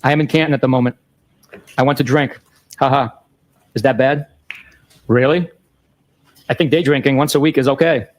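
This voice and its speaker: A man in a courtroom reading text messages aloud in a flat, matter-of-fact way, timestamps included, into a courtroom microphone. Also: mid-range voice, moderate pace, long pauses.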